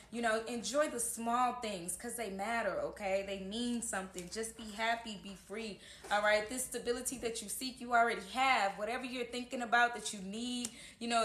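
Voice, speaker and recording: A woman's voice: fairly high pitch, bright, forceful tone. A woman giving a casual tarot horoscope reading, earnest and encouraging, often checking in with "okay?", recorded in an echoey room at home. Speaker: tarot reader.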